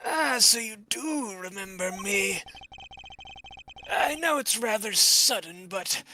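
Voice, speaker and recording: Fan-dub old father figure, unhurried and bright-toned, worried, faint hiss behind as a man puts it on. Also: high voice, lively intonation, full character voice, poor audio. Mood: anxious. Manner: slow, polite old-man voice. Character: worried elderly wealthy father, gentle and courteous.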